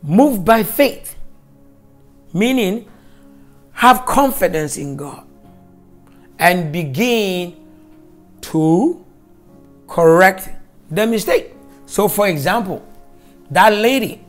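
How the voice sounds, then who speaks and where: A preacher speaks in a deliberate, unhurried rhythm, driving each point home by repeating it. The voice sits at an ordinary middle pitch. Soft music plays faintly underneath. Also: lively intonation. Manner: slow, emphatic, repeats key phrases. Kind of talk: broadcast sermon and prayer.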